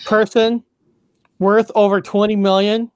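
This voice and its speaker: A man's voice: high-pitched, level tone, measured pace, darkish tone, clean tone, no room sound, clean studio sound. A man co-hosting a casual chat, reading passages aloud, stumbling over words and swearing offhand.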